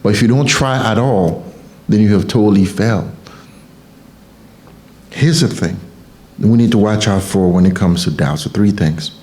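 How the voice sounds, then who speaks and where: A man's voice: fairly low pitch, moderate pace, pauses often, darkish tone. A man from Haiti with a Haitian accent, giving an emphatic motivational sermon and repeating key phrases for effect. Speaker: motivational speaker.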